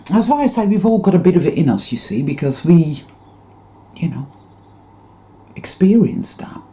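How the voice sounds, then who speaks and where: Dark-voiced, intense spiritual vlogger woman. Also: on the low side, sing-song, moderate pace. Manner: intense, profane and rambling. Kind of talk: spiritual monologue.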